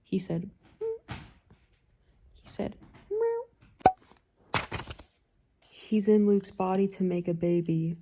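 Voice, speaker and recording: A woman book vlogger in a casual reaction vlog, excitable and rambling, swearing often. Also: fairly low pitch, moderate pace. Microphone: camera.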